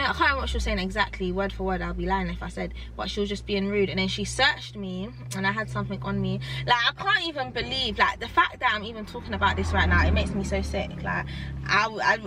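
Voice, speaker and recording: A young woman, telling a storytime in a rambling, animated way and saying "like" often. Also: medium pitch. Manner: animated, rambling, heavy use of "like". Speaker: vlogger. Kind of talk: casual storytime chat.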